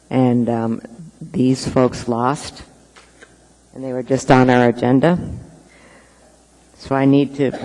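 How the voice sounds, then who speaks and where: A man asks the assembly to revisit an item, pausing on fillers and starting his phrases over more than once. His voice has an ordinary, middle pitch and carries the long reverb of a council chamber. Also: a little mellow. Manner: hesitant, with fillers and repeated attempts. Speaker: assembly member. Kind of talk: council floor remarks.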